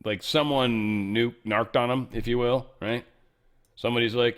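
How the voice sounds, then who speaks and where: A man's voice: medium pitch, fairly even intonation, a little slow, clear, resonant tone. A middle-aged man hosting a casual political news commentary show, sarcastic and rambling, swearing freely as he reacts to headlines. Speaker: host.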